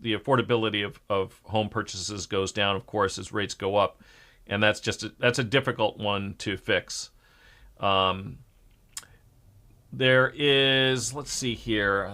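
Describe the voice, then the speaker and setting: A man talks markets in a relaxed, searching way. His voice is bright and forward, and he pauses on fillers and restarts his sentences as he thinks aloud. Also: fairly low pitch. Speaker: show host. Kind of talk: casual market chat.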